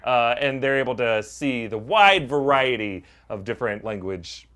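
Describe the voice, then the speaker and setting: A man's voice: mid-range voice, normal speed, a bit bright, slight background noise. A man co-hosting a casual chat, explaining things in detail with many fillers. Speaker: co-host.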